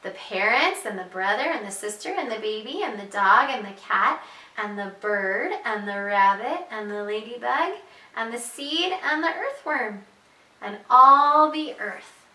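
A woman preschool teacher reading picture books aloud to young children in a slow, sing-song storytelling voice. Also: mid-range voice, pushed and bright. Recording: echoey room, voice heard from a distance.

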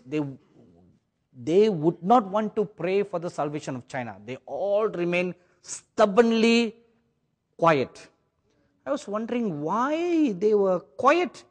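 This preacher from India gives a sermon in English with a British-influenced accent. His storytelling is dramatic, moving from loud, ringing phrases down to near-whispers, and his voice is slightly high for a man.

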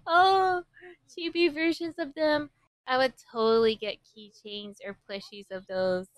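A woman's voice: high voice, steady tone, a little slow, dry recording. A young woman from Hawaii hosting an anime reaction, commenting as she watches with gasps, squeals and giggly outbursts.

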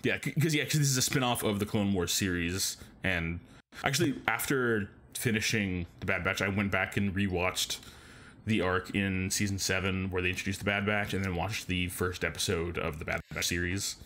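Man, podcast co-host, casual chat, somewhat low voice, rambling, eager. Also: steady tone, moderate pace, a bit bright. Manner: rambling, many "like" fillers; enthusiastic fan.

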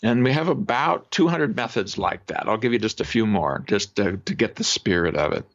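A man, a psychologist guest on a podcast interview, explaining exercises in an animated way and demonstrating them aloud. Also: lowish voice, moderate pace. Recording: dull lo-fi remote audio.

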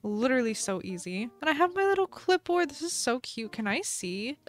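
A young woman hosting a gaming channel, chatting through gameplay in a bubbly, gushing, excitable way. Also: high-pitched, brisk. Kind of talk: casual gameplay commentary.

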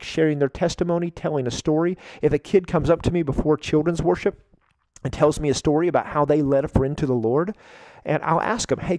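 A man who trains children's ministry volunteers, explaining in a relaxed, conversational way and now and then acting out what he says to the kids. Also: fairly high pitch, dry recording, poor audio. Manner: conversational, acts out kids' church lines with a lively raised voice. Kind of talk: instructional talk.

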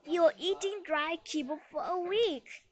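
A woman's voice: very high-pitched, unhurried, a little mellow. A woman voicing an emphatic father dog in a children's storybook reading. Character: gruff, eager father dog.

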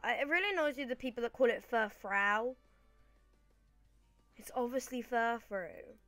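A woman's voice: high voice, expressive, rapid-fire, a bit bright, dry recording, soft background music. A British woman rambling casually through gameplay commentary, often correcting herself mid-sentence. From Britain. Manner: chatty, rambling, self-correcting. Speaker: gaming channel host.

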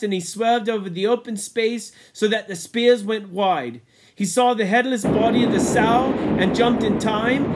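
A man reading a novel aloud in a measured way, sinking low and quiet at grim moments. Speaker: reader.

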